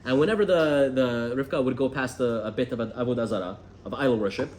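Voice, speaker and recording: American male teacher, mid pitch, fast and animated, quizzes his listeners. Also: background noise. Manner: animated, asks the room questions. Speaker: rabbi teaching a class. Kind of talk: interactive Torah class. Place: classroom with a group.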